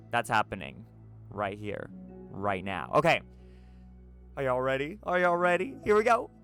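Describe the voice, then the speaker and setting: A game streamer reading a story's narration aloud during a live playthrough, excitable and profane, breaking off into laughter and running commentary. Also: mid-range voice.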